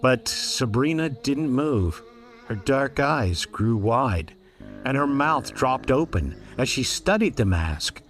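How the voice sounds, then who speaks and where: A man's voice: mid-range voice, expressive, slow pace, fairly bright tone, soft background music. A man guest on a comedic book-reading podcast, reading aloud with dry wisecracks, over a video call. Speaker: guest reader.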